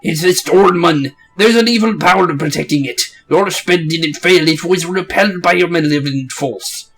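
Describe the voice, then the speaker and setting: A man's voice: fairly high pitch, normal speed, a bit bright, slightly rough, soft background music. A man voicing a chatty, cheeky male fairy companion, full of blunt, folksy slang, in a game playthrough. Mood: serious.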